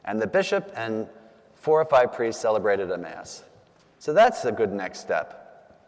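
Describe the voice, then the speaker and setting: A man's voice: fairly low pitch, sing-song, measured pace, a little mellow, in a large hall. A man, a priest, giving a conversational talk to a group, telling stories with asides and frequent fillers. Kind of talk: conversational public talk with storytelling.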